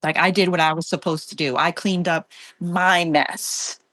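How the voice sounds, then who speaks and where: A woman's voice: on the low side, fairly even intonation, normal speed, a bit bright, no room sound, poor audio. Emotional, rambling woman guest. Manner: emotional, rambling, many fillers. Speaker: podcast guest. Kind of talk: candid personal conversation.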